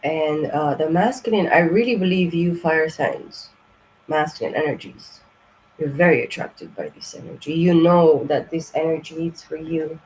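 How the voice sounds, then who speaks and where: In a low-quality recording with faint background noise, a tarot reader works through a reading in a loose, rambling way, full of fillers and restarts. Her voice is low and darkish at normal speed, and she swears bluntly and emphatically to hammer her points home.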